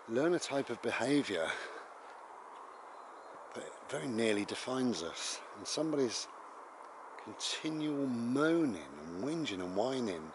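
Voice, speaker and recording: A man vlogging a rambling, conversational monologue, full of tag questions. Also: medium pitch. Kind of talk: casual reflective monologue. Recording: noisy home recording.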